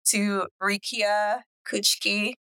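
A woman co-hosting a casual podcast chat, chatty and quick to laugh, often trailing off mid-thought. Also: mid-range voice, level tone, bright, forceful tone, clean tone, no echo. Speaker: podcast co-host.

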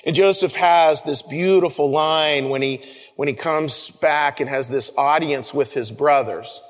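A male pastor delivers a sermon in a conversational style, his voice on the high side and a little slow. He often repeats words and addresses his listeners as folks. The recording carries the long reverb of a large room.

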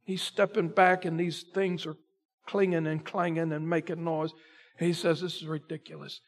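A male pastor preaching a sermon, retelling a story dramatically and swinging between loud emphasis and a near hush. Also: fairly high pitch, flat delivery, normal speed.

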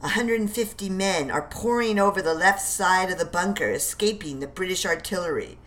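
A woman narrating a historical war drama aloud in a deliberate reading voice. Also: fairly low pitch, lively intonation, fairly bright tone.

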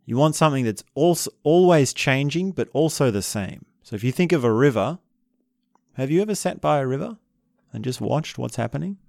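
A man calmly teaching about relationships in an unhurried, reflective way, sometimes acting out what couples say. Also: mid-range voice, gravelly, dry recording, clean studio sound. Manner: calm, unhurried, acts out quoted couples.

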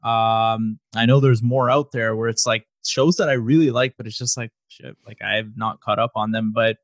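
A man's voice: lowish voice, steady tone, normal speed, no echo. A man co-hosting a podcast in casual chat, rambling along with many fillers and restarts. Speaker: podcast co-host.

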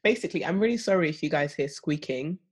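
A young woman co-hosts a podcast in easy, casual chat. Her voice sits a little low for a woman, and she talks in a bubbly, playful way with lots of jokey asides. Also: expressive, fast talker, breathy edge. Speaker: podcast co-host.

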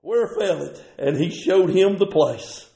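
Shouting preacher in a roomy church. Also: male voice, sits high, takes it slowly, gravelly. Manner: shouts and sings out lines in a preaching cadence. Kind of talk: sermon. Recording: roomy distant church recording.

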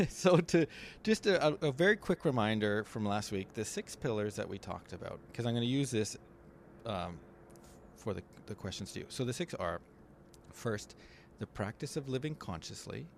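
A man co-hosting a casual podcast, thoughtfully explaining ideas step by step with small pauses and fillers. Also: fairly low pitch, expressive, vocal fry, slight background noise. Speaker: podcast co-host.

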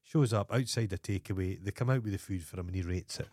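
Sweary Scottish man, low voice. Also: quick pace, no echo, clean studio sound. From Scotland. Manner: sweary, animated storytelling. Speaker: podcast co-host. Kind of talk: casual chat.

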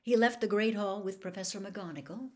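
A woman reading a novel aloud as a storyteller, with expressive, dramatic narration. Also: medium pitch, fairly quick.

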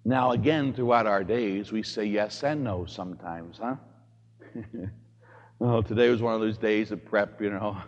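A man, a priest, giving a homily, telling stories with big swings between hushed, quiet lines and loud shouting. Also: lowish voice, normal speed, few pauses, muffled recording. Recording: long hall reverb.

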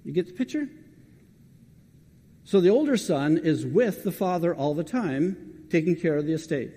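A man preaching a sermon in a church, his voice a touch high but mellow and dark in tone. He talks in a conversational way and keeps turning to the congregation with direct questions. His words ring out with the long reverb of a large hall. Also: expressive, normal speed, breathy edge.

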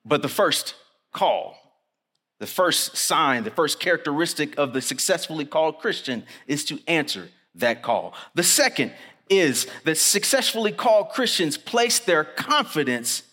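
A man preaching a chapel sermon, earnest and emphatic, slowing down to stress key lines. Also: a little high, big pitch swings, bright, forceful tone. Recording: long reverb of a chapel hall.

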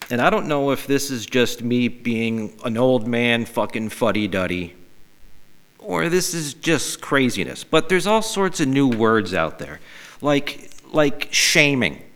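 A middle-aged man hosts a casual podcast, ranting in mock outrage and swearing freely. His voice is bright and ringing, and his pitch swings widely as he works himself up. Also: clean tone. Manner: profane, animated, mock-outraged. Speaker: podcast host. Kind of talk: casual comedic podcast rant.

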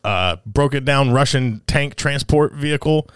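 A man's voice: medium pitch, a little slow, a bit bright, clean tone, no echo, studio quality. A man co-hosting a podcast in casual chat, joking and telling anecdotes. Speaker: podcast co-host.

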